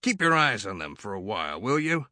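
A world-weary retired rescue dog narrates in dry, clipped phrases. A man reads him slowly, with a very bright tone and a lively, varied pitch. It is a close studio audiobook recording with no room sound. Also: no room sound, full character voice. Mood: deadpan. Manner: dry, clipped, laconic delivery. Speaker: audiobook reader.

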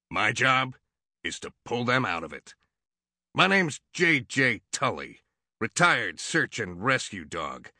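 A world-weary retired rescue dog narrates in dry, clipped phrases. A man reads him slowly, with a very bright tone and a lively, varied pitch. It is a close studio audiobook recording with no room sound. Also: dry recording, heavily acted. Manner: dry, clipped, laconic delivery. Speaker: audiobook reader.

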